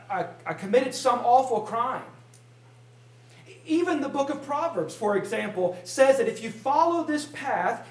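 Man preaching, high voice, emphatic, repeats words, roomy echo, mic at a distance. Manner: emphatic, repeats words when stressing a point. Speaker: pastor. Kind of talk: sermon.

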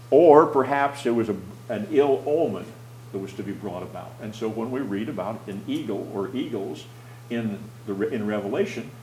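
A mid-pitched man leads a Bible class, explaining plainly and pausing to question his listeners. He often restarts his phrases as he thinks. The sound is roomy, with a faint hum beneath. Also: darkish tone.

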